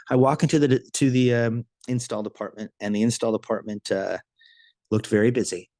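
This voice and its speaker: A man giving a motivational business training talk, telling a story with lively enthusiasm and frequent restarts and repeated words. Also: mid-range voice, brisk, no room sound.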